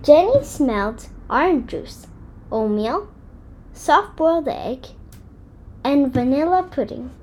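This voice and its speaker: A woman reading a children's book aloud in an expressive, deliberate way. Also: high voice. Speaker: storybook reader.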